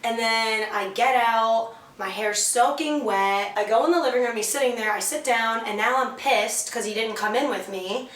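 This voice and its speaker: A woman's voice: a little high, moderate pace, hardly any pauses. Young woman telling a profane story, echoey. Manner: candid, profane, lively storytelling. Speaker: vlog co-host. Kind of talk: casual storytelling. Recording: echoey room, mic far off.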